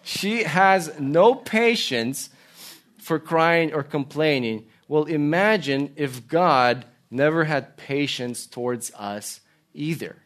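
A man delivers a sermon in an earnest preaching manner. His voice sits a little higher than most men's. He moves between stories and rhetorical questions to the congregation. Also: slow pace, a bit bright. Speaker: pastor.

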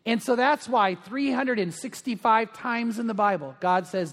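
A man's voice: high voice, normal speed, a bit bright, in a large hall. A middle-aged male pastor giving a sermon, telling stories in a chatty way with many fillers. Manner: anecdotal storytelling with frequent fillers.

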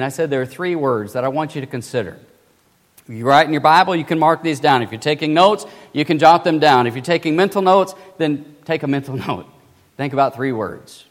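A man delivers an emphatic sermon in a fairly high voice, leaning hard on key phrases and slowing to stress them. His volume swings from hushed to loud. The sound trails off in the long reverb of a church sanctuary. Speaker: preacher.

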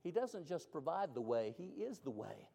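A man preaching a sermon, moving between loud, rising climaxes and hushed, slow lines. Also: a little high, very animated, creaky, breathy edge. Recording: long reverb of a large hall.

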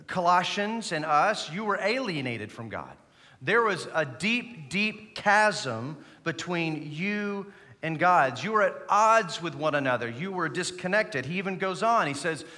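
A male pastor delivers an earnest sermon in a fairly high, bright voice, pressing his points with emphasis. The recording carries the long reverb of a church sanctuary. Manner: earnest preaching, leads the congregation in reciting. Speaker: associate pastor.

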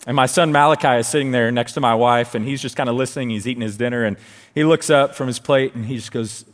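A man in his thirties, a children's ministry leader, telling a personal story in a sermon, excited and lively. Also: mid-range voice. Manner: excited, storytelling, quick asides. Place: large church stage. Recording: long hall reverb.

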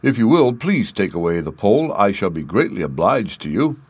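A man voicing a gentle, friendly male scarecrow in a storybook, with a husky voice. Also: on the low side, sing-song, moderate pace, no room sound. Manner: friendly and confiding.

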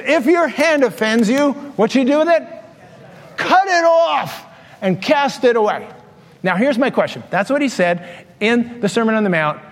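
A man preaching a sermon to a congregation, speaking in a conversational way and putting questions to them directly. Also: sits high. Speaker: pastor. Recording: reverberant hall.

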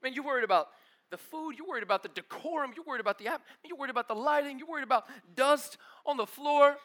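A man preaching a sermon with animated storytelling, casual slang, and acted-out voices. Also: extremely high pitch, fast. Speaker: pastor.

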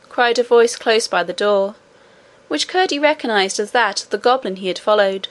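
A woman reading a classic children's fantasy novel aloud in a measured, expressive narration. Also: medium pitch. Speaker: audiobook narrator. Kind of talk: scripted narration.

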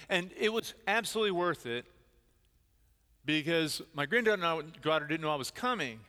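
An older male pastor preaching in a self-deprecating storytelling manner. His voice is high and bright for a man. A long church-hall reverb hangs on every phrase. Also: expressive, fairly quick. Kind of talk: sermon. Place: church sanctuary.

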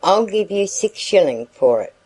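A woman's voice: mid-range voice, very animated, moderate pace, dark tone, breathy edge, voice pushed up, low-quality recording. A woman voicing a stern, dignified older woman who gives curt, commanding orders.

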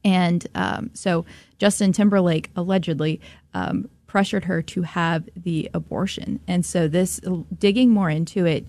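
A woman with a lowish voice who talks through a story on talk radio in a relaxed, conversational way. She often pauses on fillers. Her voice sounds close and dry. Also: no echo. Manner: conversational, with frequent um and uh. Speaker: guest commentator, writer.

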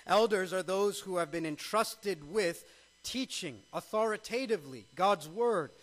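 A man's voice: sits high, lively intonation, measured pace, rough recording. A male pastor preaching a sermon, emphatic, with frequent rhetorical questions.

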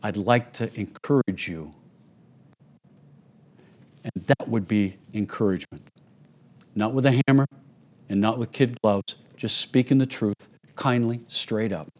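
A middle-aged pastor preaches conversationally to his church, acting out small everyday scenes to make his points. His lowish, darkish voice moves at a measured pace with long pauses.

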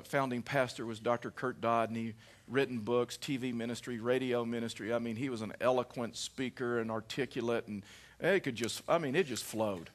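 A middle-aged male pastor delivers a sermon in a mid-range voice, animatedly recounting a personal story and frequently restarting his sentences.

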